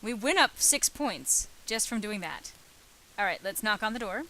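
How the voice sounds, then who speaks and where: A woman's voice: mid-range voice, animated, normal speed, background noise. A woman hosting a let's play, reading game text aloud and commenting casually. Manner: reads game text aloud, hesitant fillers.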